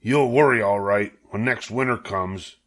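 An older man voicing a wise old ewe who talks others round. His own low voice stays close, calm and persuasive, an unhurried storybook reading. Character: old female sheep, shrewd and sensible.

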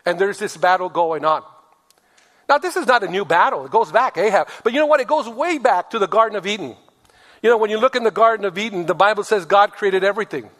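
Male pastor preaching, high voice, punchy and repetitive, long church reverb. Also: expressive, fast, fairly bright tone. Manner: emphatic, repeats phrases, calls for amens. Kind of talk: sermon. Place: church sanctuary.

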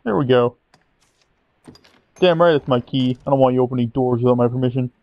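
Sarcastic and mock-dramatic, a gameplay commentator talks over his own playthrough, cursing casually as he goes. He has a mid-range voice and speaks fairly quickly, and the recording has its highs cut off.

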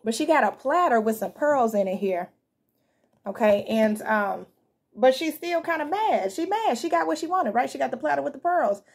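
A woman's voice: high voice, animated, moderate pace, creaky, husky. A woman giving a casual, slangy tarot reading to her viewers, sounding like she just woke up. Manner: chatty, slangy, addresses viewers as y'all and fam. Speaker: tarot reader.

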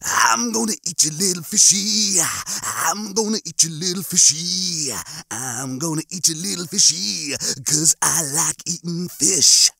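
A man's voice: fairly high pitch, huge pitch swings, takes it slowly, creaky, few pauses, pushed and bright, husky, no echo, clean studio sound, pitched above the performer's own voice, exaggerated voice. A man doing the sing-song, cocky cat-man. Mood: teasing. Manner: teasing sing-song taunts. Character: vain, swaggering male cat-man.

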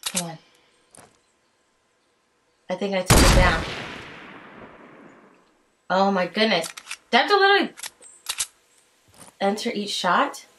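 A young woman giving excited, chatty commentary while playing a shooter game, dropping to hushed mutters and bursting into shouts. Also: medium pitch, takes it slowly, pauses often, heavy background noise. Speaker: gaming channel host.

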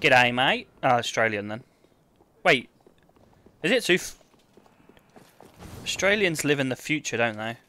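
Bright-voiced British streamer. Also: male voice, medium pitch, very animated, measured pace, pauses often. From United Kingdom. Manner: joking, banter with chat, reads comments aloud. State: sick. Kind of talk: casual live-stream chat while gaming.

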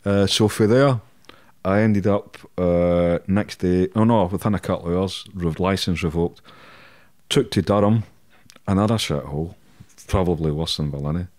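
A man's voice: deep voice, moderate pace, darkish tone. A middle-aged Scottish man telling stories in a casual interview, swearing often and laughing through his anecdotes. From Scotland. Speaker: podcast guest.

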